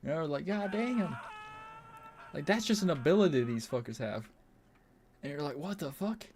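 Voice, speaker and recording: A man's voice: fairly high pitch, lively intonation, normal speed, a little mellow, a little hiss or hum. A young man streaming a game, chatting casually in a rambling, profane, incredulous way into a desk mic. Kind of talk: casual gaming stream chat.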